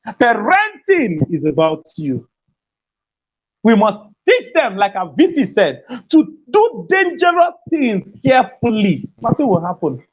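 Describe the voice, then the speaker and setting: Husky woman preaching on parenting. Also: lowish voice, a little mellow. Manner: emphatic and preachy, repeats key phrases, laughs between points. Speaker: parenting speaker. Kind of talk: motivational talk to parents. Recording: dull lo-fi recording.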